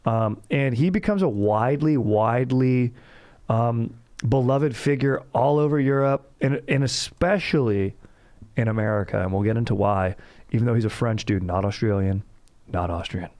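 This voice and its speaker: A man's voice: mid-range voice, normal speed, darkish tone. A young man hosting a casual storytelling podcast, hyped and slangy, swearing casually and saying dude constantly. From Orange County, California. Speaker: podcast host.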